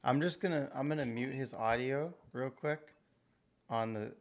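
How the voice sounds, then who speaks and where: A man with a mid-pitched voice hosts a casual conversation over a video call. He talks in a relaxed, offhand way. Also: moderate pace, a crowd in the background. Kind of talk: casual chat.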